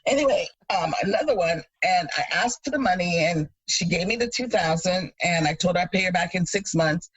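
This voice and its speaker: A woman co-hosting a podcast, telling stories in a casual, animated way with frequent laughs. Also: fairly low pitch, brisk, hardly any pauses, slightly rough, no echo, poor audio. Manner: animated storyteller, laughs often. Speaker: podcast co-host. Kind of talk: casual chat.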